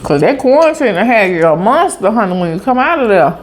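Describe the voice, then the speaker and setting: A woman tells a story in a casual vlog, her pitch swinging up and down as she talks. She is chatty and animated, tossing in endearments like "honey" and "baby" between sentences, in a middle-pitched voice. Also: fairly quick. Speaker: vlogger. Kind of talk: casual storytelling while eating.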